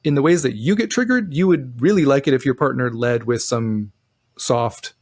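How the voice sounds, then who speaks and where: A man's voice: medium pitch, moderate pace, dry recording. Earnest man, dry podcast mic. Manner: earnest, thoughtful, frequent restarts and acted quotes. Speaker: relationship podcast co-host. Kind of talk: casual advice chat.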